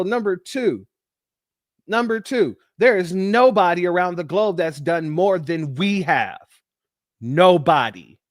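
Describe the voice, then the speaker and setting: A man's voice: on the high side, no room sound, studio quality. A man hosting a livestream, giving heated commentary and counting off his points one by one in a combative way. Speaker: livestream host.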